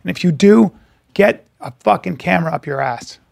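Gravelly high-voiced man telling stories. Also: animated, normal speed, a little mellow, dry recording, studio quality. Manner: profane storyteller, acts out quoted voices. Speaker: podcast co-host. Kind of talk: casual chat.

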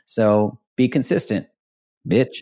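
Male podcast host, thoughtful and earnest, deliberate in his phrasing. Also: fairly low pitch, dark tone. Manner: reflective, earnest, speaks in slow deliberate phrases. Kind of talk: podcast conversation.

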